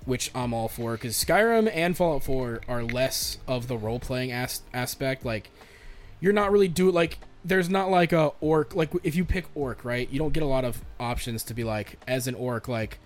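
A man's voice: mid-range voice, moderate pace, soft background music. Young guy on a podcast, hyped and cursing a lot, talking games, lots of restarts. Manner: animated, swears a lot, rambling with restarts. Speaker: podcast co-host. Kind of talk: casual chat about games and movies.

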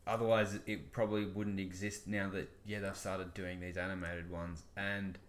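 A man's voice: low-pitched, little pitch movement, normal speed. A man in a casual chat, trading dry, sarcastic quips. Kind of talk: casual chat about film trailers.

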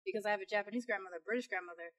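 Podcast co-host, woman, 30s, Long Beach accent, animated casual storyteller. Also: mid-range voice, rapid-fire. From Long Beach, California. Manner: animated storyteller, many "like" fillers. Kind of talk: casual chat.

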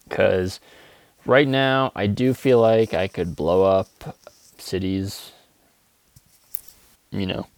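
A man hosting a poetry podcast from inside his car, talking in a halting, agitated, emotional ramble and reading his own poems. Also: sits low, clear, resonant tone, dry recording. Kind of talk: rambling confessional monologue.

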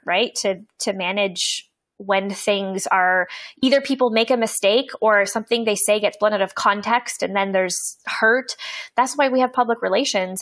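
A woman's voice: medium pitch, fairly bright tone, no room sound. Frank, earnest woman in an interview. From Canada. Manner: frank, earnest, swears freely; reflective, with many fillers and restarts. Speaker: interview guest, poet and coach. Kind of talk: candid conversational interview.

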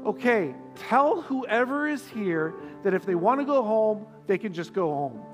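God, a calm and commanding deity, put on by a preacher in a sermon story. The voice sits high and rings through a reverberant hall over music. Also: male voice, unhurried.

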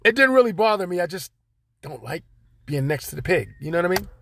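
A man's voice: high voice, big pitch swings, quick pace, creaky, pushed and bright. A man hosting his own podcast, rambling and joking in loose slang straight to his listeners. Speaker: podcast host. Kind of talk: casual solo monologue.

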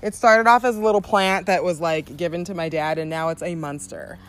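Speaking fairly quickly in a steady, low-leaning voice, a young Southern California woman co-hosts a podcast from a backyard. The chat is casual, full of fillers and laughter.

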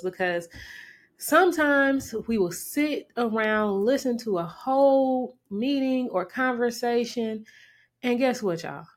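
A woman hosting a podcast and giving relationship advice in a casual, lively, emphatic way, with pointed repetition and sudden rises in pitch.

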